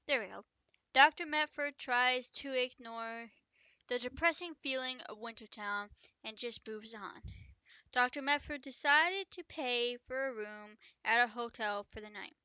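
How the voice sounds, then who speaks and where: Chatty woman reading her own story, bright smooth voice, dry close mic. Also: on the high side, unhurried, dry recording. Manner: chatty, breaks off to joke and comment. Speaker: author reading own book. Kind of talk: casual story reading with asides.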